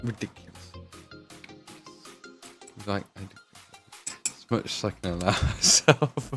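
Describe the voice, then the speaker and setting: A man's voice: fairly low pitch, animated, takes it slowly, long pauses, a bit bright, breathy edge, faint music behind. A man with an English Midlands accent, hosting a casual livestream while painting miniatures, chatting, swearing and laughing as he reads the chat. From England.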